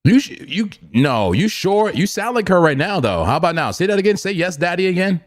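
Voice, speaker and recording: A man's voice: high-pitched, very animated, brisk. A man hosting a casual crypto trading livestream, joking and repeating himself as he talks.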